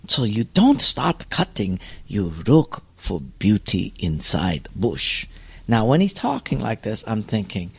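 A man who is a pastor, telling an anecdote in an animated storytelling manner. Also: lowish voice, a little slow, vocal fry, slightly rough. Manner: animated, lively storyteller acting out voices.

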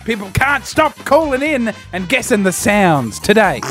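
A man's voice: high voice, very animated, a little slow, a bit bright, faint music behind. A young Australian man hosting a breakfast radio show, teasing and mock-dramatic in playful banter.

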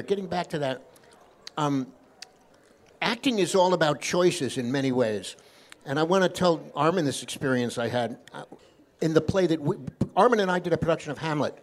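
A fairly high-voiced man spinning a joke and show-business stories for a live audience. He tells it with animation and keeps sliding into little voices for the characters. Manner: animated storyteller who slips into voices. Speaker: guest actor.

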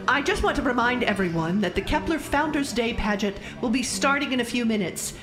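Lady doing a pushy salesy town busybody, bit high, lots of ups and downs. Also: lively intonation, moderate pace, over music, lightly acted. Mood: announcing. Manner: salesy, bossy, condescending. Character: pushy, self-promoting middle-aged town busybody. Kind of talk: audio drama acting.

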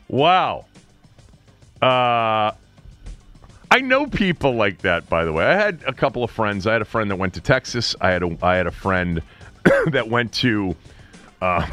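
A man's voice: mid-range voice, bright, forceful tone. A man hosting a sports talk show, chatting casually in a wry, joking way.

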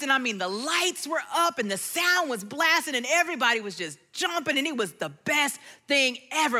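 A middle-aged woman sharing a personal testimony in a sermon, telling her story and dropping to a hushed, near-sung tone at times. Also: on the high side. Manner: storytelling, drops to a hushed tone, sings lyric lines softly. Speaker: speaker at a church gathering.

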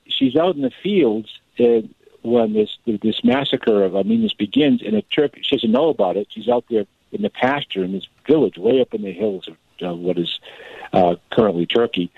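Gravelly man on a tinny phone line. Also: mid-range voice, no room sound. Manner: animated, repeats words while telling a story. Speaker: guest author. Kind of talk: storytelling in a radio interview.

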